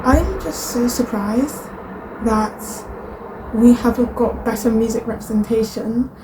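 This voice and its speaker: A woman's voice: on the high side, measured pace, noisy background. A young woman, chatting in rambling asides as she reacts to clips. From Britain. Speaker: reaction video host. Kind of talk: casual reaction commentary.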